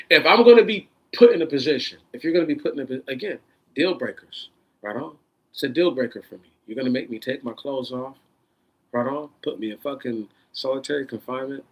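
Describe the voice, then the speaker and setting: A man in an unscripted, profane rant, swinging between loud bursts and a held-down, controlled tone. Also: medium pitch, breathy edge. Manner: says he is holding his voice down in a controlled tone. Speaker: vlogger.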